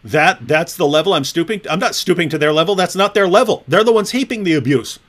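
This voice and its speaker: A man hosts a casual livestream, talking through his points with many restarts and repeated words. His voice runs high and swings widely in pitch. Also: expressive, fast talker, fairly bright tone. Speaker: host.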